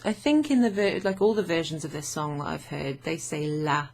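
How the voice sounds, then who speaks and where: A woman's voice: deep voice, moderate pace, creaky, darkish tone. A woman teaching French vocabulary to learners, chatty and thinking aloud with fillers and frequent little laughs.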